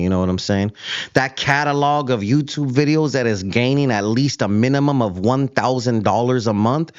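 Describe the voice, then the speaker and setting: A man's voice: mid-range voice, no room sound, dull audio. A host on a confrontational callout rant, taunting his target and calling him fool again and again. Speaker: show host.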